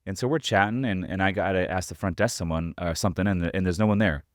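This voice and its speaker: Fast-talking, deep-voiced male podcast host. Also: no echo, studio quality. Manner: rambling, filler-heavy storytelling. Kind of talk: casual interview conversation.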